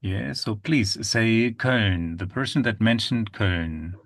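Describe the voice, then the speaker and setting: A man's voice: fairly low pitch, a bit bright, dry recording. Patient male language teacher, very dry sound. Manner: patient, demonstrates sounds slowly. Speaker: German teacher. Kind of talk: online language lesson. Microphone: video call.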